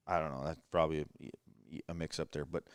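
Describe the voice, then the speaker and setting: A man hosting a podcast in a relaxed late-night chat, rambling and thinking out loud as he goes. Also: extremely low pitch, brisk, clean tone, dry recording, studio quality. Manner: rambling, thinks aloud with fillers. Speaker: podcast host. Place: indoors in a rental house.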